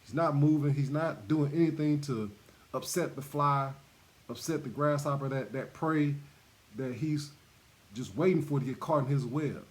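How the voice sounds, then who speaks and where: A male Bible teacher leads a sermon-style Bible study, repeating points emphatically and laughing between them. His voice is a little high and his pace moderate.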